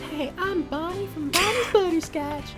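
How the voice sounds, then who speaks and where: A woman's voice: normal speed, music in the background. A woman voicing a cheery Southern country woman who sells butterscotch, delivering an improvised mock radio ad in a put-on American Southern accent. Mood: perky salesy. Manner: bubbly sales-pitch delivery.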